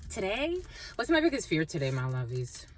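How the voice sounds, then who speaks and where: Speaking at a normal speed over a faint hiss or hum in a low-quality recording, this woman offers a relaxed spiritual tarot reading to her viewers. Her delivery is lively, rising and falling in pitch, full of repeated phrases and affectionate "my lovies."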